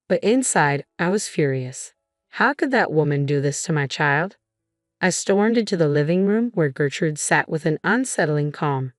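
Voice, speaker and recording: A woman narrating a first-person family drama story in a steady, dramatic way. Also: sits low, normal speed, dry recording, studio quality, faint music behind.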